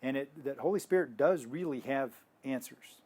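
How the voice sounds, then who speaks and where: A man's voice: mid-range voice, moderate pace, a little mellow. A man teaching in a casual faith talk, rambling with restarts and telling stories. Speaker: health ministry teacher.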